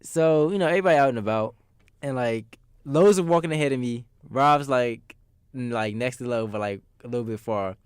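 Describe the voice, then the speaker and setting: A man's voice: medium pitch, brisk, clear, resonant tone, no echo, clean studio sound. A young man from DC, co-hosting a podcast and rambling through stories in casual, slangy chat. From Washington DC. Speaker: podcast co-host.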